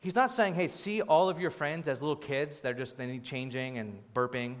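A young man preaching a sermon as pastor, in a conversational, animated way with playful asides. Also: mid-range voice, fairly quick. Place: church sanctuary. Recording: long hall reverb.

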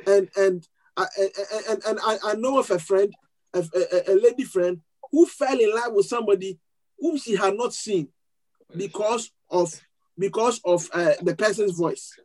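A man preaching to a congregation. He tells a story in an animated way, often restarting his words and laughing as he goes. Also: sits high, moderate pace, rough recording. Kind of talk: sermon storytelling.

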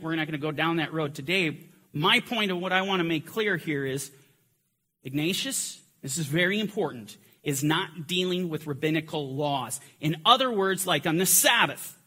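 Guy teaching bible stuff, pretty high voice, gets worked up and punchy. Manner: emphatic, building to forceful climaxes. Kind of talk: teaching lecture.

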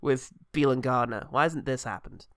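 Bright-voiced man chatting films. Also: medium pitch, moderate pace, clean tone, no echo, clean studio sound. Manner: jokey, laughs often, rambling with fillers. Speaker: podcast co-host. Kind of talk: casual film review chat.

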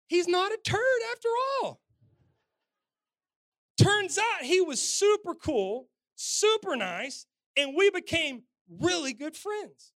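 Lively man telling a sermon story. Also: very high voice, dry recording. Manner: animated, swings loud and soft.

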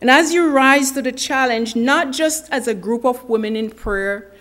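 A woman giving a sermon to a church women's ministry, telling an illustration in a slow, deliberate, earnest way with dramatic pauses. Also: high-pitched, a bit bright. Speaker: speaker at a women's ministry gathering.

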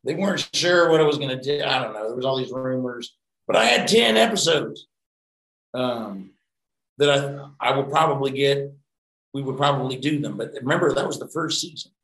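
A middle-aged actor telling rambling, profane anecdotes in a casual interview. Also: male voice, mid-range voice, lively intonation, normal speed, fairly bright tone, echoey room, low-quality recording.

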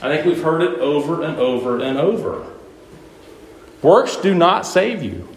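A man's voice: fairly high pitch, a little slow, a little hiss or hum. A man preaching a sermon who keeps putting questions to his listeners and hammers his points home. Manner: lively, questioning the audience, emphatic. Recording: echoey room with faint ambience.

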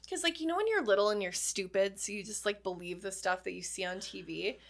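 Chatty bright-voiced woman swearing freely. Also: medium pitch, expressive, brisk. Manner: chatty, laughing, swears freely, tearful at times. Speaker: podcast co-host. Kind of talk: casual chat.

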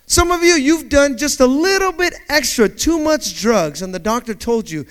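A male pastor preaching a sermon in a church, telling a personal story and building up to shouted exhortation. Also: very high voice, sing-song, moderate pace.

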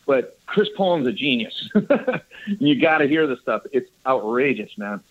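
A man's voice: mid-range voice, animated, normal speed. Enthusiastic rambling man, lo-fi sound. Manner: rambling, enthusiastic, laughs often, says dude. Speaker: guest bass player. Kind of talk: casual interview storytelling. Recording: dull lo-fi audio.

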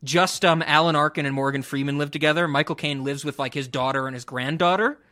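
A young man hosting a casual podcast, giving a blunt, profane, animated review of a film. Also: a little high, quick pace, dry recording, studio quality. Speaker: podcast host. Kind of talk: casual chat.

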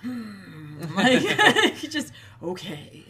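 Casual animated woman retelling a story. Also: a little high, extremely slow. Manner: animated retelling, acts out characters' lines. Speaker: podcast co-host retelling a book. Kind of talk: casual chat.

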